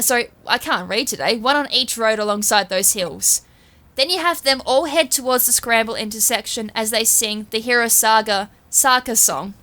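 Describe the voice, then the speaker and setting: A woman doing an eager, high-pitched schoolgirl. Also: pushed and bright. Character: earnest young female occult club president.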